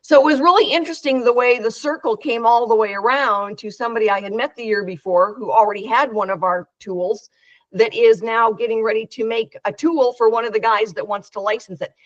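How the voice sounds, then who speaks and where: A woman's voice: a little high, fairly even intonation, fairly quick, dry recording. Chatty woman on muffled call audio. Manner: rambling anecdotes full of acted-out quoted dialogue. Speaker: meetup organizer who helps inventors license products. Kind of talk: casual storytelling on a video call.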